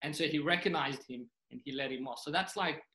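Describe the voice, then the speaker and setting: A young man from Sudan, a comedian guest on a podcast, telling a personal story in an earnest, animated way, often saying "you know" and "man". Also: a little high, fairly quick, poor audio. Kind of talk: casual storytelling interview.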